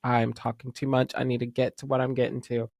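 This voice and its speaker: A man hosting a casual pop music podcast, talking in an excitable, gushing fan manner with sudden whispers. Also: medium pitch, fairly quick, vocal fry, no room sound, studio quality. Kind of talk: casual chat.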